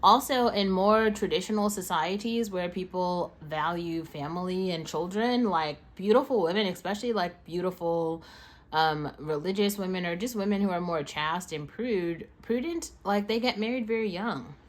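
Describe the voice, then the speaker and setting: A woman's voice: lowish voice, normal speed. A young woman talking casually in a rambling monologue, full of "like" fillers and blunt swearing, with the hiccups. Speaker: podcast host.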